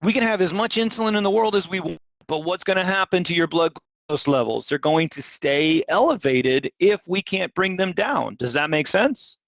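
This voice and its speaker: A man teaching physiology in a live online lecture, animated and questioning, repeating key words. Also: sits high, moderate pace, vocal fry, no echo. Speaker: physiology instructor. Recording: dull, dry video-call audio.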